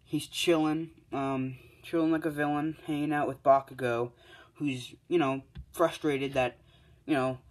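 A man's voice: a little high, fairly even intonation, unhurried. Rambling young guy telling a fan story. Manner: rambling, filler-heavy, hums placeholder sounds. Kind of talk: casual spoken fan story. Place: home, late at night. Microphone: tablet or other handheld device.

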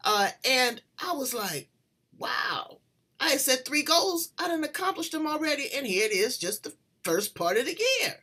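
Excitable woman host, high bright voice w a husky edge, big swoopy storytelling. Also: moderate pace, hardly any pauses. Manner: animated, exclamatory storyteller. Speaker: talk show host. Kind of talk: casual faith-filled chat.

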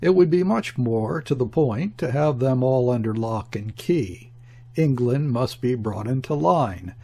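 Contemptuous foreign diplomat guy, airy and brutal, slow and raspy, as a narrator reads him. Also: mid-range voice, animated, mellow. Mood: scornful. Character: scornful foreign diplomat, male, middle-aged. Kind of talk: audiobook character reading.

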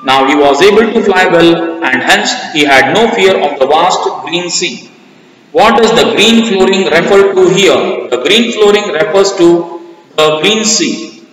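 A man's voice: high-pitched, unhurried, a bit bright, a little hiss or hum. A man with an Indian English accent, a school English teacher who methodically reads out questions, answers and word meanings in a plain classroom manner. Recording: echoey hall, voice far from the mic.

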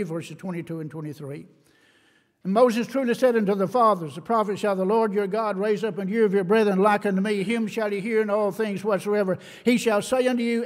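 A man preaching a sermon, reading scripture in old-fashioned wording and slowing down to stress key words with emphasis. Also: sits high. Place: church sanctuary. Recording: long reverb of a church hall.

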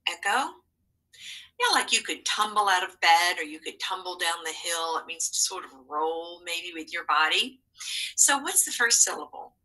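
A woman's voice: lowish voice, pushed and bright, breathy edge, poor audio. A woman teaching a phonics and spelling lesson to young children, encouraging and patient with sing-song prompts.

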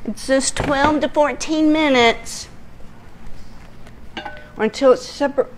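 Lady cooking at home, high swoopy voice, takes her time, lotsa ums and giggles. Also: slow, pauses often, background noise. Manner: giggly, excitable, lots of ums. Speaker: home cooking show host. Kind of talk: casual cooking chat. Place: home kitchen.

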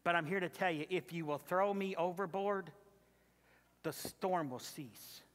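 A man preaching takes on the voice of a runaway prophet admitting his fault in a flat, confessional tone. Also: high voice, unhurried, long reverb tail. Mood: confessing.

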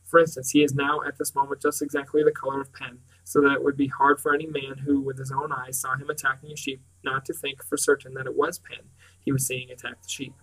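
Man reading a novel, flat and distant. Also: medium pitch. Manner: measured, with frequent throat clearing and restarts. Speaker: reader. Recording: distant mic.

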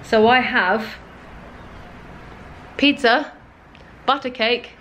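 A woman's voice: fairly high pitch, drawn-out words, slight background noise. Chatty young woman vlogging. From Britain. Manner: chatty, giggly, excitable. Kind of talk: casual travel vlog. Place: rented room in a home.

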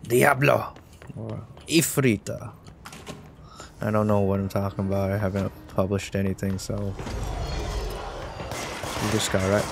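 With background noise behind him, a man speaks in a low-sitting voice at a moderate pace, leaving long pauses. He's a streamer narrating a video game as he plays, excitable and jokey, mocking himself and getting heated at the screen.

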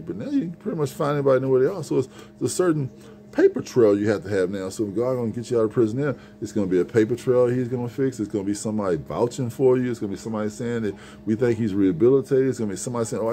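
A man's voice: medium pitch, dark tone. A man giving an informal sermon, rambling and conversational, with frequent restarts and repeated words. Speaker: preacher.

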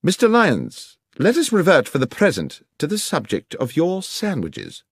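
A brisk, commanding detective, read by a man in an audiobook, every word crisply placed. The voice sits a little above the reader's own and moves in lively rises and falls. The sound is close and dry. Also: on the high side, no room sound, voice pushed up, full character voice. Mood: incisive. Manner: crisp, commanding, precise diction. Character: brisk, incisive older male detective. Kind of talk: audiobook character reading.

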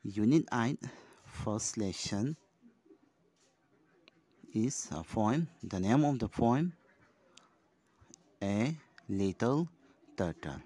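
A man's voice: fairly low pitch, lively intonation, drawn-out words, long pauses, dark tone, no room sound. A man with a Manipuri accent teaching a lesson. He reads a children's poem aloud, then explains it in a mix of English and Manipuri. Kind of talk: classroom lesson video.

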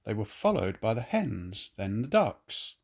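An older man reading a children's picture book aloud, gentle and expressive. He takes his time, lingering on each page. His pitch rises and falls in a lively, storytelling way. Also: a little slow, creaky, breathy edge. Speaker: grandfather storyteller.

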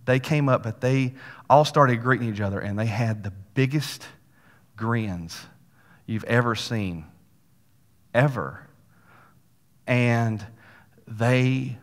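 A man with a drawl delivers a sermon as a folksy story, tossing in little asides to his church. His voice carries a long reverb through a church sanctuary, with a pitch that sits right in the middle for a man. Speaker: pastor.

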